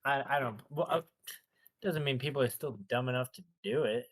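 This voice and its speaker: A man's voice: medium pitch, moderate pace. A man in a casual podcast chat, ranting bluntly and crudely. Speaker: podcast co-host.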